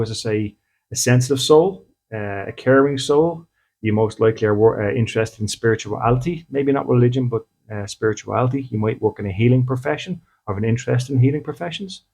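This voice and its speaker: A man's voice: medium pitch, darkish tone. A man, a spiritual medium, talking casually to his audience and often checking in with "okay?". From Ireland. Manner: conversational, acts out little dialogues, often checks in with "okay?". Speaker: spiritual medium and podcast host.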